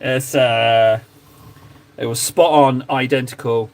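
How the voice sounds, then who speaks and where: While painting miniatures, a man casually chats with his stream audience, joking, poking fun at himself, and bantering with chat. His mid-range voice is steady, and he talks slowly.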